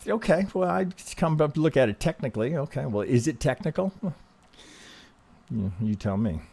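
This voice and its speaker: A man hosting casual chart analysis, speaking in a calm, reassuring way, often restarting sentences and checking in with "right?". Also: fairly high pitch, normal speed, vocal fry. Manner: conversational, frequent restarts, ends thoughts with "right?". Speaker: trading analyst host.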